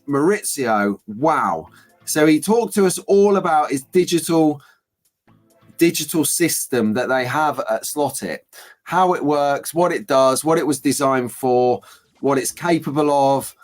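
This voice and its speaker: A man hosting a casual live stream, chatty and rambling with jokey banter. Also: medium pitch. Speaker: host.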